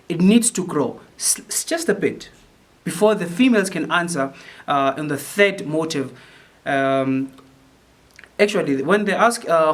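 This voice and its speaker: A man conducting a choir rehearsal, explaining phrasing and sometimes singing lines to demonstrate, with many restarts and fillers. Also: fairly high pitch. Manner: repeats words while thinking, many fillers. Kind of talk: choral rehearsal instruction. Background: piano.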